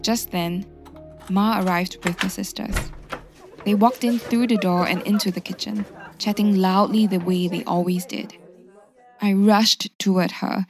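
A woman narrating a scripted family story in a reflective, gentle way. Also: mid-range voice, gravelly, slight background noise.

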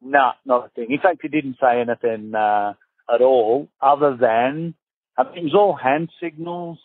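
A man's voice: medium pitch, normal speed, dry recording. An Australian man in his fifties, a former footballer telling stories in an interview and acting out the voices in them. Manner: lively storyteller acting out quotes. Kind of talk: casual storytelling interview. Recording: tinny phone-like dry sound.

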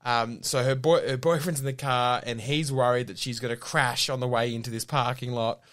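A young man hosting a podcast, telling a comic story with lots of giggling and high-voiced impressions. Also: normal speed. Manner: animated, giggly, mimics others in a high voice. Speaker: podcast host. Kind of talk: casual comedic storytelling.

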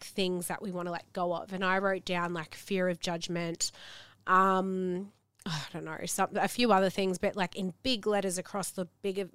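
A young woman co-hosting a podcast, telling her story with lots of energy and the odd swear word. Her voice is smooth and resonant, sitting at a middle pitch. She is recorded close and dry, with no room sound. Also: no echo. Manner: animated storytelling, swearing freely. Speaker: podcast co-host. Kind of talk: casual chat.

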